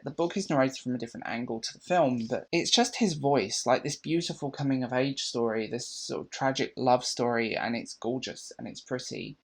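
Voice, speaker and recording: A man from Britain, a book vlogger, chatting casually and enthusiastically to camera, rambling with restarts. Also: medium pitch. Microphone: camera mic.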